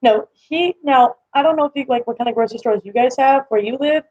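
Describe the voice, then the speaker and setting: A woman's voice: high voice, fairly quick, darkish tone, no echo. A young woman chatting casually with her viewers on a live stream from home, rambling with lots of fillers. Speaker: livestream host. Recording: slightly dull lo-fi stream audio.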